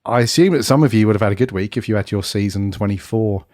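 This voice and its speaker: A man co-hosting a casual fan podcast, croaky from a head cold and chatty, calling his co-host "mate". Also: on the low side, quick pace, a little mellow, no room sound, clean studio sound. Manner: chatty, says "mate" a lot. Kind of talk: casual chat.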